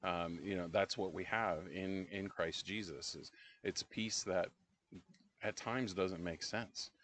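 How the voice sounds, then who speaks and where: A middle-aged man co-hosting a podcast, leading a Bible study in a relaxed, conversational way with frequent pauses. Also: deep voice, a little hiss or hum. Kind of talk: casual Bible-study discussion.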